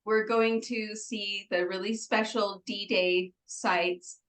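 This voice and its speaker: On a poor-quality recording, a woman guest in a conversational interview, a retreat organizer, speaks slowly with a steady, medium-pitched, fairly bright voice. She's bubbly and chatty, giggling often and filling pauses with "like" and "um."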